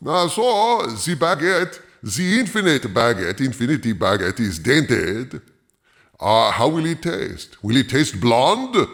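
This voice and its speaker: A pompous French film critic with a wildly exaggerated accent, as a man hams it up. He drawls each phrase slowly, and his pitch leaps and swoops theatrically. He chuckles to himself as he muses. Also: fairly bright tone. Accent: exaggerated fake French. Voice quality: over-the-top accent, drawn-out delivery, chuckling asides. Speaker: host. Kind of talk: comedic character monologue.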